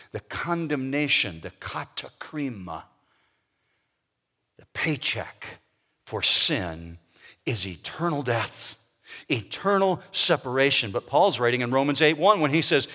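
A male pastor preaching a sermon, emphatic, slowing down to stress key words. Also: medium pitch, very animated, sharp tone. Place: church sanctuary. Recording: long reverb of a large hall.

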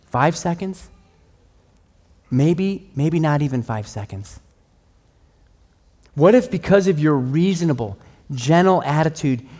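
A middle-aged pastor gives a sermon in a relaxed, conversational manner. His voice is slightly higher than most men's, and he pokes fun at himself while telling everyday stories.

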